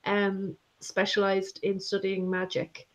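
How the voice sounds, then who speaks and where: A woman in casual book-discussion chat, talking haltingly with lots of fillers and restarts. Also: medium pitch, monotone, low-quality recording.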